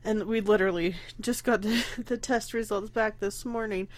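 A woman's voice: medium pitch, steady tone, normal speed, no room sound. Young woman, podcast host, pregnant, emotional, near tears, rambling and candid, nervous laughter. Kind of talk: casual personal podcast.

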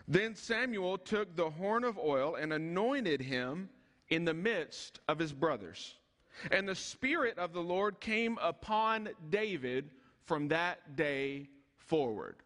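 Pastor preaching in a reverberant church. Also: male voice, big pitch swings. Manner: reads scripture slowly, drops low and soft in prayer. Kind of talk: sermon. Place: church sanctuary. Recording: long church hall reverb.

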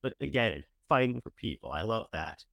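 A man's voice: lowish voice, very animated, moderate pace, creaky, a bit bright, no echo. A man hosting a morning talk show, giving blunt, profane opinions in a casual style. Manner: blunt, profane, swings from scornful to gushing.

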